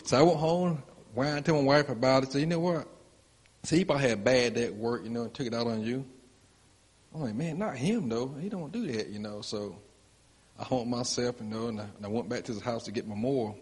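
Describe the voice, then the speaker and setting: A man's voice: mid-range voice, fairly even intonation, fairly quick, a little mellow, husky. A man sharing a personal story in church, rambling with many fillers. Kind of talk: casual testimony.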